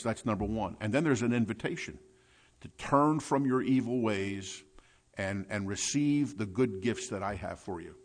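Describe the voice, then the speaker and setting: A man preaching a sermon as a pastor, teaching from scripture with repeated words and shifts between soft asides and louder points. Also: lowish voice.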